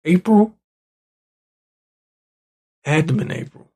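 Gravelly man in a profane rant. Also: sits high, animated, slow pace, warm tone. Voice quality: gravelly, husky. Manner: angry, profane, ranting, rising to heated outbursts. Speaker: show host.

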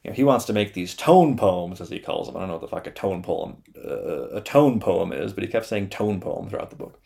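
A man's voice: low voice, fairly quick, creaky. Profane, loose male storyteller. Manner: loose, profane, animated retelling with frequent "uh". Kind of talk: casual storytelling.

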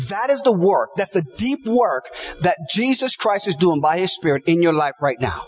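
High-voiced male pastor preaching. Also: expressive, moderate pace, highs cut off, faint music behind. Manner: emphatic preaching with repeated lists and quoted scripture. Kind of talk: sermon.

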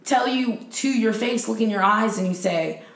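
A woman comedian chatting as a podcast guest, animated and often laughing as she tells stories. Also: on the high side, normal speed, echoey room. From United States. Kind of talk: casual chat.

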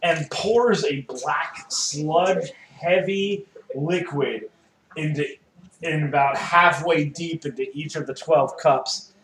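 A man's voice: fairly high pitch, slow pace, fairly bright tone. A man narrating as dungeon master in a casual, profane way. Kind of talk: narrating a tabletop game. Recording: echoey room with chatter.

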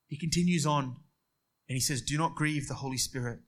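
A man preaching a sermon, moving between quiet storytelling and emphatic passages. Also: medium pitch, a little fast.

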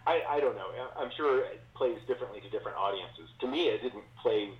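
A man's voice: medium pitch, fast talker. Podcast guy, stammery and thoughtful, muffled lo-fi mic in an echoey room. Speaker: podcast co-host. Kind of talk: casual political chat. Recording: roomy, dull lo-fi sound.

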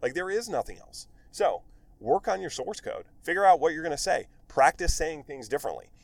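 A man hosting a casual solo podcast, telling work stories in a rambling, animated way with lots of fillers. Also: a little high, a little fast, gravelly, no echo. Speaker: podcast host, medical device rep.

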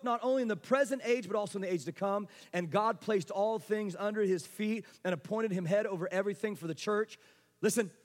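A man preaching a sermon with fervour, calling for responses and moving between loud bursts and hushed passages. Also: very high-pitched. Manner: passionate preaching with call-and-response, swinging between loud and soft. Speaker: pastor. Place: church sanctuary. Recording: long hall reverb.

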